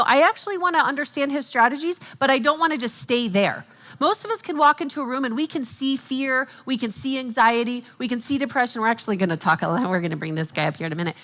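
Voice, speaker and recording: A woman speaking at a Christian conference, teaching with animated asides and jokes for the audience. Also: high-pitched. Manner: animated, quotes herself and others in acted voices.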